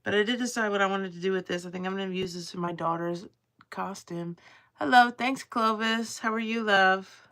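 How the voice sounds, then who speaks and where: A woman's voice: medium pitch, normal speed, fairly bright tone. A woman live streaming from home while crafting, rambling casually and swearing freely as she chats to her viewers. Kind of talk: casual livestream chat to viewers.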